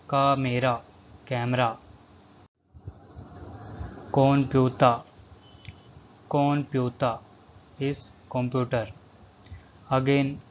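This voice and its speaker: This male language teacher goes through vocabulary at a very slow pace, his pitch sitting in the middle. Every word comes twice, followed by its English meaning, on a somewhat muffled lo-fi recording carrying a faint background hum.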